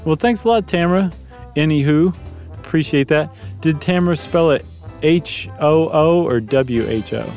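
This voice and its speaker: A man's voice: fairly high pitch, moderate pace, darkish tone, soft background music. A man co-hosting a podcast, chatting casually and rambling with fillers and jokey asides. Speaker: podcast co-host. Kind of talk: casual chat.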